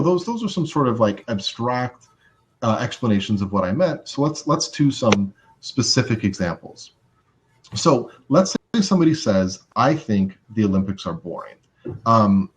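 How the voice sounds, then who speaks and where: A man's voice: fairly low pitch, lo-fi sound. A man teaching social skills in a live webinar, casual and conversational with many fillers.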